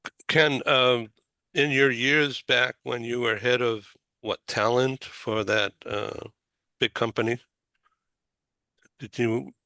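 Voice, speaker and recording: A man's voice: medium pitch, steady tone, bright, forceful tone, dry recording. A man with a Boston accent hosting a panel discussion over a video call, laughing often. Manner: slow, gravelly, laughs often. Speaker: talk show host.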